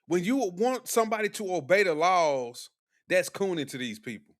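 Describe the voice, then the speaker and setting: A man's voice: sits high, big pitch swings, normal speed. A young man doing live-stream commentary, talking bluntly and combatively to his chat with heavy slang. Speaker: livestream commentator.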